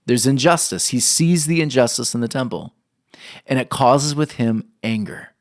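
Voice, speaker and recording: A man's voice: medium pitch, moderate pace, no room sound, clean studio sound. A young adult man preaching a sermon, earnest, putting questions to his listeners. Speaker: pastor.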